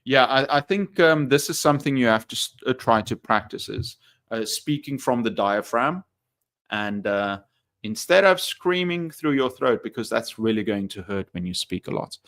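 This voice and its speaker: A man's voice: medium pitch, animated, normal speed, a bit bright, no echo, clean studio sound. A man teaching English on a live stream, chatting loosely and reading viewer comments aloud, full of fillers and restarts. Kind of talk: casual live-stream chat.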